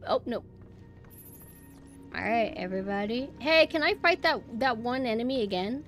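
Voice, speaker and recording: A woman streaming a game and chatting casually with her viewers, swinging between quiet murmurs and loud exclamations. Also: a little high, animated, moderate pace, soft background music. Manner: chatty, talks to chat directly. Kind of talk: casual gameplay livestream chat.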